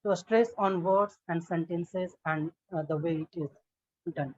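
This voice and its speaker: An English learner works on his speaking during a one-on-one online lesson over video call, and the audio sounds dull. His voice is on the high side, steady and unhurried, and he hesitates, restarting sentences and saying "I mean" often.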